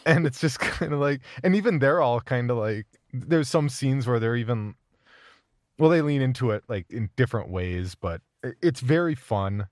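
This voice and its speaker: A man's voice: medium pitch, lively intonation, normal speed, no echo, studio quality. A young man from Minnesota with a Minnesotan accent, co-hosting a podcast in casual, rambling chat and laughing often. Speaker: podcast co-host.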